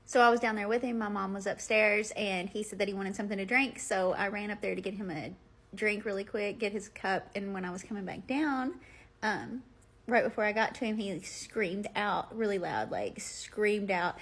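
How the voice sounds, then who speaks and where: A vlogger at home casually tells stories into her phone, rambling with lots of fillers. She speaks at normal speed in a medium-pitched, fairly bright voice.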